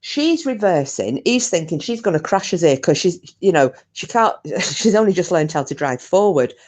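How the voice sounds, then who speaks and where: A woman's voice: on the low side, sing-song, normal speed, a little mellow. A woman, casually telling a ghost story in a chatty, rambling way, with swearing and restarts. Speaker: channel host.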